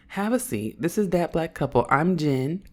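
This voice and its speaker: A woman in her thirties from Oakland with an Oakland accent, co-hosting a podcast in casual banter, her voice hoarse and raspy, playful and blunt. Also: low voice, expressive, measured pace. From Oakland, California. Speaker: podcast co-host.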